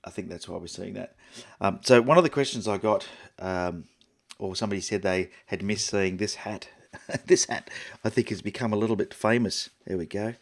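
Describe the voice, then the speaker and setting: With a lowish voice at normal speed, a middle-aged Australian man rambles through a photography livestream. The casual chat is full of fillers and false starts.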